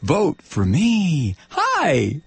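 A man putting on a frantic political candidate from an attack ad, overblown and fearmongering, in a raised gravelly voice. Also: on the high side, wildly swooping pitch, drawn-out words, no echo, exaggerated voice. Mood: syrupy pitch.

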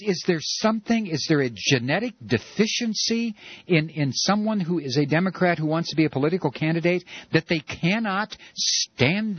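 A man's voice: sits high, breathy edge, no room sound, highs cut off. A man hosting a political talk radio show, ranting with stammered repeats.

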